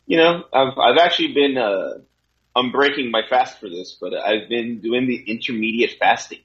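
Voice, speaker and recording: A middle-aged man co-hosting a podcast in casual chat, swearing freely and getting excitable in his rants. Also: mid-range voice, normal speed. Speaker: podcast co-host. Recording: dull, lo-fi sound.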